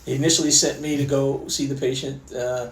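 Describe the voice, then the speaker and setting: A middle-aged man, an orthopaedic surgeon, tells stories in a relaxed way, with many fillers and restarts. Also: mid-range voice, a little fast, roomy sound, recorded from a distance, rough recording. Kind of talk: conversational storytelling interview.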